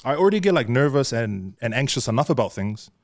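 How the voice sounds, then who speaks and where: A man's voice: mid-range voice, sing-song, fast, a little mellow. A young man with a New Zealand accent, a podcast guest who talks candidly, swears freely and laughs often in casual chat. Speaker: guest, social media influencer.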